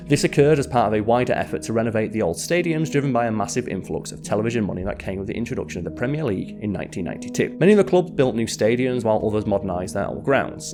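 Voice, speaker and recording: Man narrating a history documentary, wry. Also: lowish voice. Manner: dry, wry asides between measured narration. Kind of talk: scripted history narration with asides.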